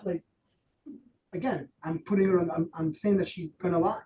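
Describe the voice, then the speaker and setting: Animated male trainer in a roomy room. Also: high-pitched, brisk, muffled recording. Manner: loose, animated, full of fillers and acted-out quotes. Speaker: real estate trainer. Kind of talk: workshop talk. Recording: roomy, distant, faint noise.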